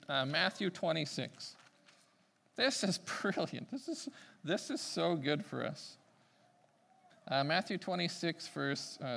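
A man preaching a sermon, swinging between loud emphatic peaks and quiet asides. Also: on the high side, gravelly.

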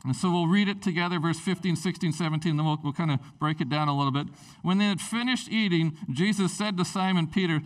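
A man's voice: a little high, quick pace, few pauses. Conversational man preaching from a distance. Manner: conversational, animated preaching with many fillers. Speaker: pastor. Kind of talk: sermon.

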